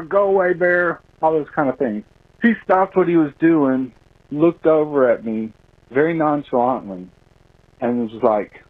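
Man telling a story over a phone line. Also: medium pitch. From Florida, US. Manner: animated storyteller, acts out his shouts. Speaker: caller.

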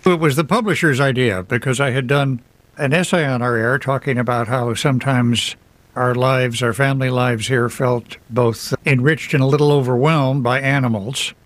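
A man's voice: mid-range voice, steady tone, moderate pace, no room sound. A man who wrote a book, guest on a radio interview, telling personal stories in a reflective way with some light humor. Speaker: author guest. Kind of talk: radio interview, casual storytelling.

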